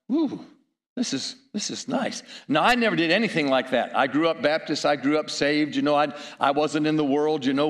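A man's voice: a little high, fairly bright tone. A middle-aged man preaching a sermon, telling stories with chuckles and asides to the audience.

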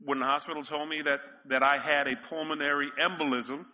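Bright-voiced preacher man, lo-fi. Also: on the high side, level tone, a little fast. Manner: storytelling, emphatic, chuckles often. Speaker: pastor. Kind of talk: sermon.

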